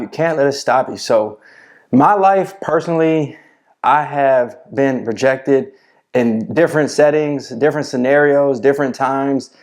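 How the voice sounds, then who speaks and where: A man's voice: medium pitch, a little mellow. Swaggering slangy man giving dating advice. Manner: swaggering, slang-heavy, "you know what I'm saying" refrain. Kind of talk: casual advice monologue to camera.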